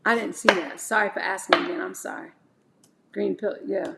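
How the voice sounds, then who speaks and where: A woman's voice: medium pitch, fairly even intonation, moderate pace, vocal fry, heavy background noise. A woman in her forties, hosting a livestream, chatting candidly with viewers while she prepares fruit. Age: 40s. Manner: chatty and candid, often calls viewers "y'all". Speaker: livestream host.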